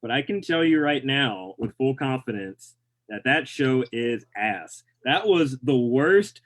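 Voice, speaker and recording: Exasperated stand-up comic, ranting. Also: male voice, medium pitch, lively intonation, unhurried. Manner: profane, exasperated ranting with mock outrage. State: high. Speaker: stand-up comedian. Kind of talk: stand-up comedy rant. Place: comedy club stage.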